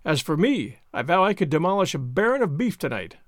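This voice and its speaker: Brief: male narrator as a gallant young lord, genteel and hearty, expressive delivery. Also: on the high side, a little fast, no room sound, studio quality.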